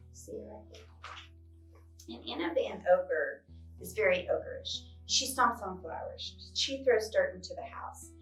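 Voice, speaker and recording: A librarian woman recommending picture books, her pitch rising and falling in a lively way as she tells each story. She speaks slowly and exclaims often. The sound is roomy and a little distant, with faint guitar music behind her. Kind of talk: book recommendations for children.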